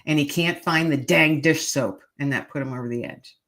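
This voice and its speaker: A woman's voice: low-pitched, normal speed, a bit bright. Middle-aged woman guest, earnest and emphatic, relating a personal story in an interview. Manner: earnest, emphatic, repeats key phrases. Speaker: podcast guest, author. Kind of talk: heartfelt storytelling in conversation.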